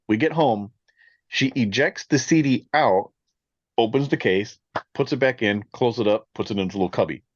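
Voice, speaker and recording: A man in his forties, a podcast co-host in casual chat, telling an animated story and laughing often. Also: medium pitch, normal speed, slightly rough, no echo, highs cut off.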